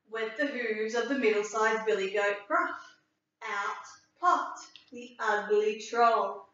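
A woman teacher reading a story aloud and leading a writing lesson for young children, clear and expressive. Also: a little high, slow. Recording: echoey room from far off, dull.

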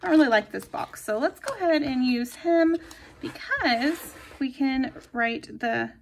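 A chatty, giggly woman talks through her planner decorating in a high, light voice. She keeps up a bubbly running commentary and now and then trails off into quiet murmurs. Faint background noise and small clicks sit under her voice. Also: lively intonation, unhurried. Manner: chatty and giggly, drifting into soft murmurs while crafting. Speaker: planner vlogger. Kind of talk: casual plan-with-me narration.

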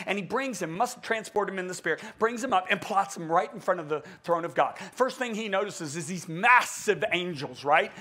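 Middle-aged male preacher, lively swooping delivery, bright tense tone, emphatic. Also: a little fast. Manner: animated, emphatic, acts out quotes with big pitch swings. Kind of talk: conference sermon.

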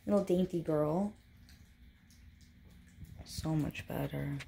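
A woman's voice: deep voice, takes it slowly, gravelly, warm tone, a little hiss or hum. A young woman filming her cats at home on a phone, chatting to them in playful sing-song baby talk. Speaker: cat owner filming her pets. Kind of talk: casual chat to pets on camera.

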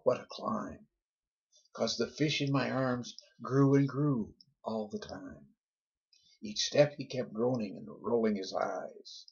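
A man reads a rhyming children's story aloud, keeping a lively, rhythmic beat. His voice is gravelly and very husky. The recording sounds dull and lo-fi. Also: mid-range voice.

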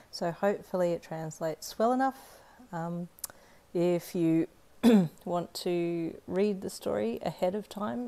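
A woman's voice: lowish voice, warm tone. An Australian woman introducing and reading her own fan story aloud, hesitant with many ums. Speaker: fanfiction author and reader.

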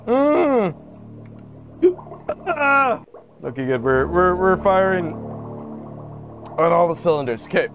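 A man's voice: a little high, measured pace, pauses often. A man streaming a puzzle game, thinking aloud, muttering and counting under his breath and often trailing off. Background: game music.

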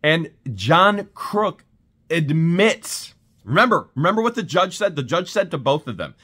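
Animated, bright-voiced male vlogger. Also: fairly high pitch, a little slow, breathy edge. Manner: animated storytelling with laughs and exclamations. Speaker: channel host. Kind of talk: casual vlog recap.

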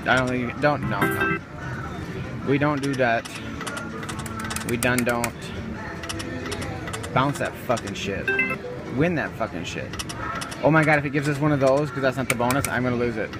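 A man's voice: medium pitch, normal speed, pauses often. A man playing a slot machine live in a casino, commentating with profane, joking rants. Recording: loud slot machine music behind. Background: loud slot machine music.

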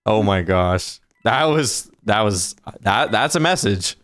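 Guy streamer chatting while gaming, kinda low smooth voice, dry close mic. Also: lively intonation, takes it slowly, fairly bright tone, dry recording, soft background music. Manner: chatty, reads out donations, playful. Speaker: livestream host. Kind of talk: casual gaming livestream chat.

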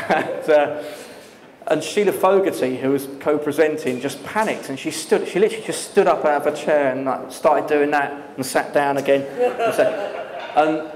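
Animated man telling a story in an echoey hall. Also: on the high side, moderate pace. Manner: animated, laughing, lively storyteller with many fillers. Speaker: guest speaker. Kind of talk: storytelling at a live talk. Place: talk venue with audience. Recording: echoey hall with long reverb.

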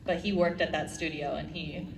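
A woman's voice: low voice, steady tone, moderate pace, gravelly, background noise. A woman in her thirties, a voice actress on a convention panel, chatting casually and poking fun at herself between laughs. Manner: self-deprecating, laughs between stories. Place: convention hall stage. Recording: echoey hall, distant mic.

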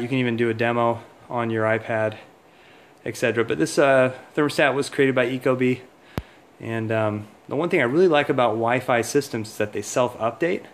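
A man giving a casual walkthrough of a home install, chatty and a little out of breath, explaining as he walks. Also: medium pitch. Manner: chatty, explains on the move with many fillers. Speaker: heating contractor giving a walkthrough. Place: house, indoors and outdoors.

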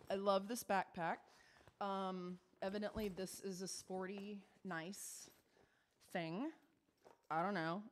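A woman's voice: mid-range voice, in a large hall. A woman from Texas, a cabaret singer telling chatty, self-mocking stories between songs. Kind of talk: stage patter between songs.

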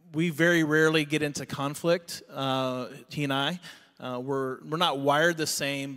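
A middle-aged man preaching a conversational sermon as pastor, telling stories with animation. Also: mid-range voice. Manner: storytelling, animated when recounting. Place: church auditorium. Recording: long reverb of a church hall.

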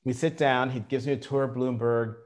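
A middle-aged man telling career stories in an interview, animated and acting out the quotes. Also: mid-range voice, brisk. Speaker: journalist guest. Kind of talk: storytelling interview.

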